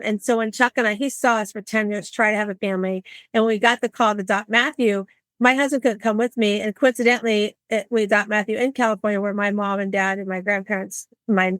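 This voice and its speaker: A woman in her sixties hosting a podcast, telling stories in an animated, conversational way and acting out the people she quotes. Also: medium pitch, dry recording. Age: 60s. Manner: animated, acts out quoted voices. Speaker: podcast host. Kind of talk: conversational storytelling.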